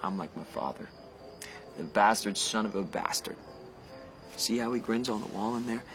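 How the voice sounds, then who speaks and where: A man's voice: fairly low pitch, normal speed, fairly bright tone, soft background music, close to an everyday voice. An actor playing a restless, sardonic young man who longs to get away and sometimes sinks to a whisper. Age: young adult. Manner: sardonic, brooding, drops to a whisper. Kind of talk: stage drama acting.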